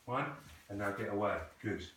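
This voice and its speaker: A man's voice: fairly low pitch, moderate pace, noisy background. A man teaching a student krav maga, patiently correcting technique and asking questions in a training hall. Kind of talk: coaching a student in a class. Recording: echoey room, voice from a distance.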